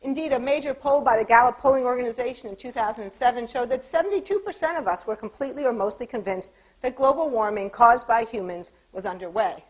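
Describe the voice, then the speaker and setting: A woman giving a public lecture to an audience, speaking in a measured way with dry, wry asides. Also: fairly high pitch, low-quality recording. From California, United States.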